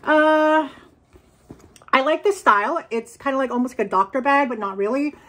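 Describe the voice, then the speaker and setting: A woman chatting casually as she unboxes and reviews secondhand bags, excitable and quick to gasp and laugh. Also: high voice. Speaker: reseller vlogger.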